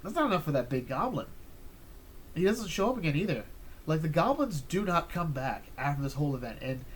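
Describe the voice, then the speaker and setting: A man's voice: on the high side, very animated, fairly quick, a little hiss or hum. Rambling man reviewing an episode. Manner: rambling, full of fillers and restarts. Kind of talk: casual review chat.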